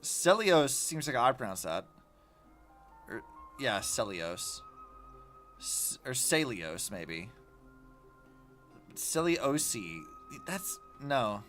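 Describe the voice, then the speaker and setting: Lively, bright-voiced male streamer. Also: medium pitch, takes it slowly, soft background music. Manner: rambling, profane, animated ranting. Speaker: vtuber streamer. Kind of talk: casual gaming stream commentary.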